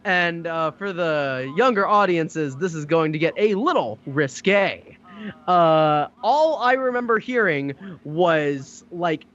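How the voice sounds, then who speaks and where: A young man, a voice actor guest on a podcast, telling funny stories in an animated way and acting out the voices of the people in them. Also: fairly high pitch, slow pace, dull audio. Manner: animated, acts out quoted voices, laughs often. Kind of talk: casual comedic storytelling.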